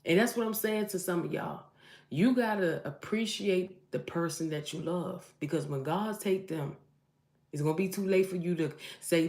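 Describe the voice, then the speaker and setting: A woman's voice: lowish voice, lively intonation, normal speed. Roomy-sounding woman preaching to camera. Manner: emphatic, exhorting, repeats phrases for emphasis. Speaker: mother and online vlogger. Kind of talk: preachy motivational talk to camera. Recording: roomy echo.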